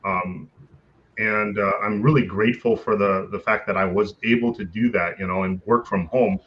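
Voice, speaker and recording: A man's voice: fairly low pitch, fairly even intonation, moderate pace, muffled recording. A man answering interview questions over a video call in a casual, hesitant way, with many fillers and restarts and frequent laughs. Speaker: interview guest, content creator.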